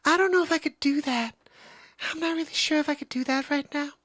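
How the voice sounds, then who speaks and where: A man voicing a gentle, soft-spoken male pop star, hesitant and breathy. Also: very high voice, quick pace, no echo, voice pushed up. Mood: shy.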